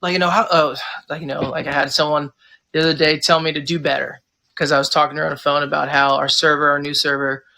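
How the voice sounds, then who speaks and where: Man, American accent, gravelly, fairly high voice, rambling casual chat. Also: quick pace. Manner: rambling, animated, acts out customers. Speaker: pub owner and manager.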